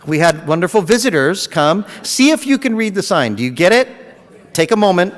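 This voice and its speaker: A man telling a personal story in a casual, animated and heartfelt way, laughing often. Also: high voice, moderate pace. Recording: long reverb.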